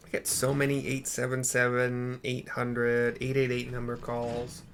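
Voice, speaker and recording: A man chatting through a game session, reading story text and cracking self-mocking jokes. He swears casually. His voice sits at a middle pitch. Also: completely flat delivery, a little slow, slight background noise. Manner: joking, profane, self-mocking. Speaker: let's play host. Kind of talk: casual gameplay commentary.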